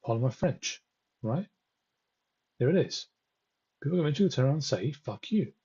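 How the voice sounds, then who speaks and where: A man's voice: medium pitch, animated, quick pace, dark tone, husky, muffled recording. A man hosting a live political stream, commenting on election results with an exasperated, ranting manner as he reads the numbers out to viewers. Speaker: political livestream host.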